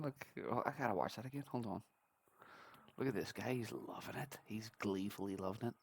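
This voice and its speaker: A man's voice: lowish voice, fairly quick, vocal fry, husky. A man hosting a reaction video, bluntly and profanely criticizing what he is watching. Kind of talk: casual reaction commentary.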